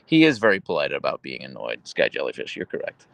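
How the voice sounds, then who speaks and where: A man chatting on a livestream, swinging from low murmurs into high, sing-song baby talk aimed at his dog. His voice has a gravelly fry, recorded close and dry on a handheld phone. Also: wildly swooping pitch, fast, few pauses, a bit bright, dry recording. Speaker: livestream host. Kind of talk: casual livestream chat with pet. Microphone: handheld phone camera.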